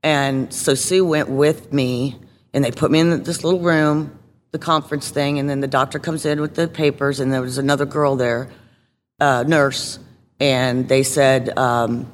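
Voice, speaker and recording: A woman guest telling her own story in a casual interview, candid and halting, with many fillers and restarts. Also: a bass voice, fairly even intonation, big-room sound, slight background noise.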